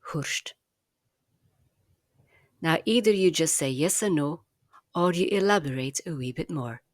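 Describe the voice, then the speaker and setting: A woman narrating a language lesson in a slow, careful, clearly enunciated teaching manner. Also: deep voice, lively intonation, no echo, studio quality.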